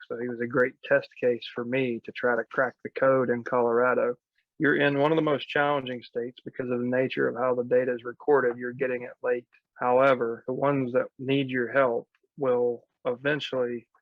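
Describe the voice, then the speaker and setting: A man's voice: medium pitch, no room sound, muffled recording. A man coaching real estate investors in a live online training, talking practically with quoted asides.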